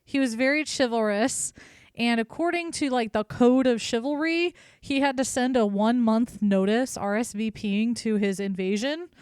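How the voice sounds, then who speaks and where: A woman's voice: a little high, normal speed, hardly any pauses, a little mellow, clean tone, dry recording, studio quality. A woman co-hosting a podcast, telling history in a casual, irreverent way and swearing freely. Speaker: podcast co-host.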